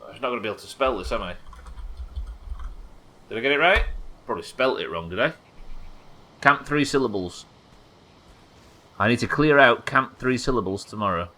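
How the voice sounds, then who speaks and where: A man's voice: mid-range voice, lively intonation, moderate pace, pauses often, bright, forceful tone. A man from the UK streaming a video game live, rambling, swearing and chatting with his viewers as he plays. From United Kingdom.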